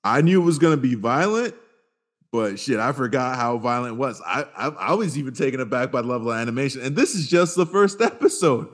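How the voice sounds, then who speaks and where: A man's voice: medium pitch, animated, fairly quick. A man hosting a casual podcast chat, talking in a loose, laid-back way with plenty of swearing and frequent laughs. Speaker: podcast host.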